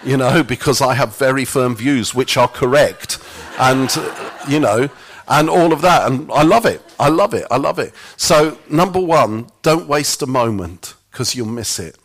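A man's voice: medium pitch, expressive, a little slow, fairly bright tone. A middle-aged man giving a sermon-style talk, telling humorous, self-mocking anecdotes. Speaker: church speaker.

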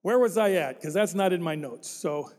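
A man's voice: high-pitched, lively intonation, moderate pace, a little mellow, long reverb tail. A middle-aged male pastor preaching a sermon with a folksy, joking manner and asides to the congregation.

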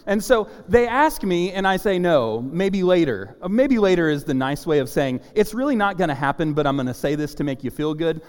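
Pastor, man, 30s, slightly higher voice, relaxed storytelling sermon in a reverberant church hall. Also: brisk, hardly any pauses, smooth. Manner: conversational, self-deprecating storytelling. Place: church sanctuary.

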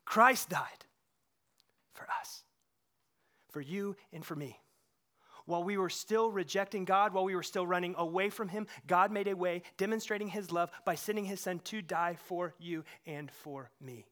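A man preaching a sermon in a church, swinging from impassioned outbursts to hushed, quiet moments. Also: high-pitched, normal speed. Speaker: pastor. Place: church sanctuary.

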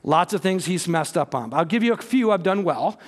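A man's voice: sits high, expressive, a little fast. A man in his forties preaching a sermon, telling family stories in an earnest way that rises to emphatic peaks. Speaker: pastor.

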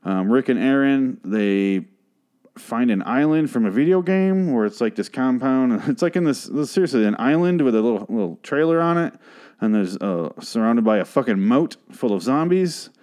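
A man casually recapping a TV episode in a sarcastic, profane, rambling way, sometimes trailing off into quiet mutters. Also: mid-range voice, animated, moderate pace. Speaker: show recap host.

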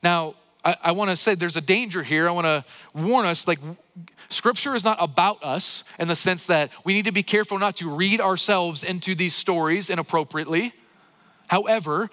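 A man with a fairly high, bright, forceful voice preaches as a pastor, speaking conversationally and asking his congregation rhetorical questions. His words ring out with a long reverb in a large hall. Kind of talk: sermon.

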